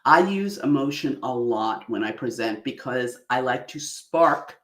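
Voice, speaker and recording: Animated woman coaching, echoey room. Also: very deep voice, a little slow. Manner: animated, exaggerated delivery with frequent laughs. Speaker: public speaking coach. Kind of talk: online workshop talk.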